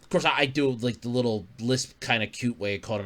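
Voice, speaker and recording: A man's voice: mid-range voice, lively intonation, normal speed, sharp tone. A man hosting his own podcast in casual, rambling chat, swearing offhandedly and chuckling between stories. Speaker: podcast host.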